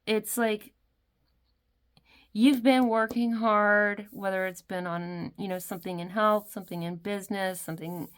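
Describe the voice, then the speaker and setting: A woman's voice: mid-range voice, clear, resonant tone. A woman giving an emotional pick-a-card tarot reading, gushing and rambling with many fillers. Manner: gushing, emotional, uses lots of "like" and "you know". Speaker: tarot reader.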